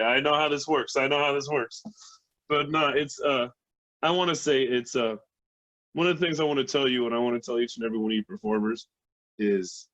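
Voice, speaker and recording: A man hosting a comedy show, speaking earnestly and rambling in quick bursts. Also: sits low, lo-fi sound. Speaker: host.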